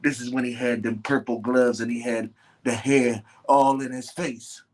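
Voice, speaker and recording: A man, a guest, telling stories in an animated, slangy way with frequent swearing. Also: medium pitch, moderate pace. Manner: animated, slangy storyteller who swears often. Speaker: guest, professional wrestler. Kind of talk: casual storytelling.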